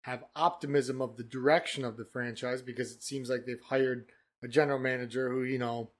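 A man co-hosting a casual podcast, joking crudely and riffing into loud mock sales pitches. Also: fairly even intonation, fairly quick. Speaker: podcast co-host. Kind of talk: casual chat.

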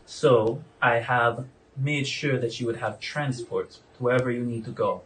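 A man's voice: medium pitch, normal speed, a bit bright, distant mic, slight background noise, lightly acted, poor audio. A man voicing a stern dwarf warden woman. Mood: menacing. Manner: suspicious, coolly menacing, falsely sweet. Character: stern female dwarf prison warden with a limp.

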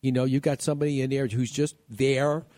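A man's voice: mid-range voice, fairly even intonation, fairly quick, mellow, no echo, studio quality. A man from New York hosting a home-improvement radio show, chatty and rambling, laughing often. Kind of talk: casual chat.

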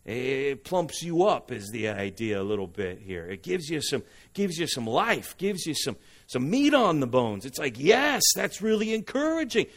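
A man from Southern California, preaching a sermon, animated and asking the congregation for responses. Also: medium pitch, unhurried, few pauses. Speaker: pastor.

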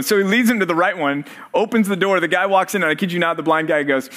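A man's voice: high-pitched, fast, few pauses, fairly bright tone. A man in his thirties, a pastor, preaching a sermon to college students and quizzing them with fill-in-the-blank questions. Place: church service for college students.

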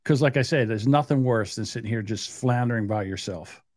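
A man's voice: mid-range voice, fairly quick, a little mellow, no echo, studio quality. A man co-hosting a casual podcast who rambles and banters with many fillers. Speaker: podcast co-host.

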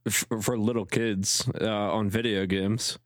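A man co-hosting a podcast, telling relaxed stories in casual chat, swearing and mimicking gamers. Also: on the low side, unhurried, no echo, studio quality. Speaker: podcast co-host.

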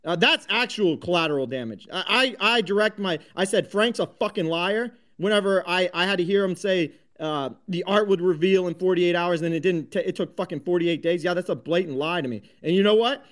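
Casting: high-pitched male host, combative, foul-mouthed rant. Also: a little fast, hardly any pauses, fairly bright tone. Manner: combative, heavy swearing, many restarts. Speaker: host of a crypto talk space. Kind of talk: profane live audio-room rant.

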